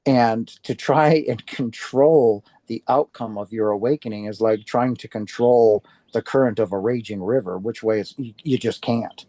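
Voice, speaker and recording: Earnest older man with a mellow, dry voice. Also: mid-range voice, normal speed, few pauses, dry recording. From Wisconsin. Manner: earnest, heartfelt, acts out quoted speech. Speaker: interview guest. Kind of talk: personal storytelling in an interview.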